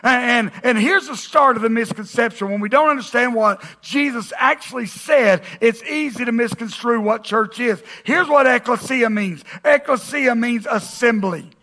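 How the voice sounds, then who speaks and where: High, bright-voiced pastor preaching. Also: male voice, moderate pace, hardly any pauses. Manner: conversational preaching with jokes and audience call-outs. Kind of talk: sermon. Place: church auditorium with congregation.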